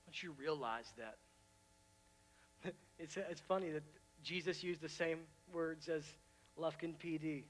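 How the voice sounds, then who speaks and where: A man pastor preaching a sermon, emphatic and repetitive, swinging from hushed asides to loud declarations. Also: fairly high pitch, unhurried, pauses often.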